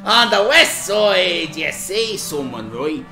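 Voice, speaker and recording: Irish man, teasing streamer patter, bouncy animated delivery, sharp tone, roomy echo, faint music behind. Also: sits high, takes it slowly. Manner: joking, rambling, teasing patter in local slang. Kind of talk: casual banter on a live stream.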